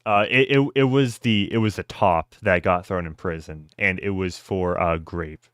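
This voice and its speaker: A young man hosting a podcast in casual chat, halting and stammering with many restarts. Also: deep voice, a bit bright, no echo, clean studio sound. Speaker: podcast host.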